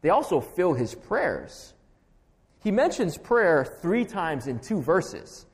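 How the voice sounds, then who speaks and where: A man's voice: sits high, very animated, takes it slowly, big-room sound. A man preaching an expository sermon as pastor, emphatic and building through stacked, repeated phrases.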